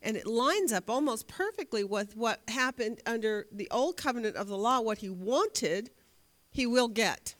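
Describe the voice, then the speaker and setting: A woman's voice: fairly high pitch, animated, normal speed. A woman leading a Bible study lesson, asking her class questions and answering them herself, often repeating words as she thinks aloud. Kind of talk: interactive Bible class teaching.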